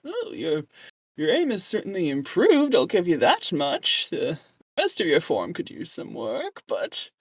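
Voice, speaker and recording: A woman's voice: fairly low pitch, huge pitch swings, breathy edge, dry recording, voice pushed up, full character voice. Woman doing a smug old cloud-bearded priest. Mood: condescending. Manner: patronizing, drawn-out, chuckling. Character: condescending old male priest, cloud-bearded sky spirit. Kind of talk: tabletop role-play.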